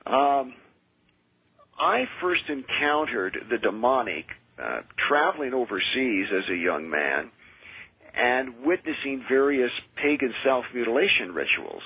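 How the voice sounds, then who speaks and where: Guy calling in over a thin phone line, husky, earnest and steady, a minister who does exorcisms. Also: medium pitch. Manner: earnest, measured, with frequent restarts. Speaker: exorcist minister, call-in guest. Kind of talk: radio interview, personal storytelling. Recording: tinny dry phone line.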